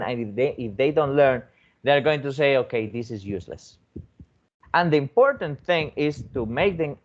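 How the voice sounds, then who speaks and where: With the highs cut off, a man with a mid-range voice gives a demonstration lesson as a foreign teacher trainer. He repeats words, restarts many times, and frequently asks a rising "okay?"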